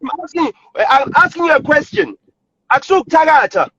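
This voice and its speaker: A man's voice: very high voice, lively intonation, brisk, sharp tone, dull audio. A South African man ranting angrily on a live stream, repeating himself and swearing. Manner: angry, repetitive, swearing. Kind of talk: heated rant on a live stream. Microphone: phone.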